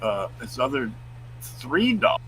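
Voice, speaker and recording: A man co-hosting a live stream, chatting casually and reading out news stories in a loud, booming voice. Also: sing-song, slow, slight background noise, poor audio. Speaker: co-host.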